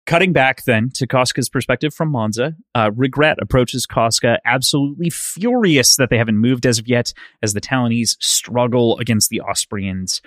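A man's voice: mid-range voice, normal speed, hardly any pauses, fairly bright tone, no echo. Man, podcast co-host, casual book chat, thoughtful recap, dry recording. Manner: thoughtful, recaps scenes with many fillers.

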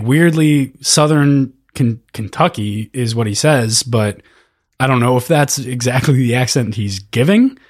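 A young man co-hosting a podcast, relaxed and casual, giving short agreeing replies and quick corrections. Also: mid-range voice, no echo, studio quality. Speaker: podcast co-host. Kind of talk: casual film discussion.

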